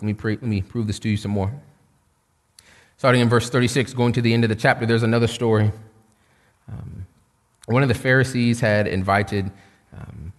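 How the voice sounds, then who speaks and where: A man's voice: mid-range voice, big-room sound. A man preaching a sermon in a conversational, storytelling way with touches of humor. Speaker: pastor.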